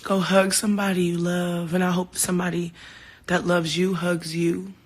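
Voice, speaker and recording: A woman's voice: lowish voice, flat delivery, moderate pace. A woman talking casually to her fans on a phone livestream, heartfelt and open, swearing now and then. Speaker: singer hosting a livestream.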